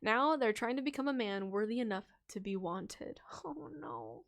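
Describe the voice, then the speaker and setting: A woman's voice: mid-range voice, moderate pace. A woman hosting a casual livestream, reading viewers' character stories aloud in a chatty, playful way. She laughs often, stumbles over her reading and corrects herself.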